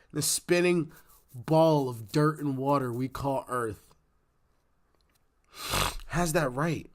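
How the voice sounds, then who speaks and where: Casting note: male podcast host, a bit under the weather, blunt and profane solo rant. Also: mid-range voice. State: sounds sick.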